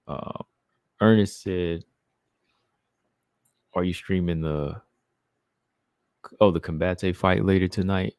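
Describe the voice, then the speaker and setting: A man's voice: low-pitched, takes it slowly, creaky, pauses often, darkish tone, smooth, no room sound, clean studio sound. A man hosting a casual live stream, reading viewer comments and answering them in a chatty way. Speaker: livestream host reading chat.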